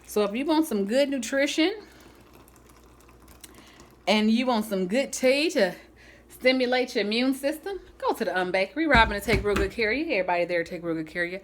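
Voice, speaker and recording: A woman vlogging casually to the camera, chatty and animated, often laughing and using folksy, churchy phrasing. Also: fairly high pitch, fairly quick, slight background noise. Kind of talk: casual vlog talk to camera.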